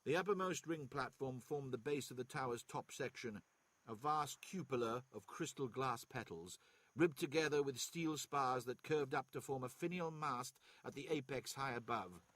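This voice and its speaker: Norwegian man, second-language reader, steady narration, husky. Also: medium pitch, normal speed, no echo. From Norway. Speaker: streamer reading aloud. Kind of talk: reading a novel aloud.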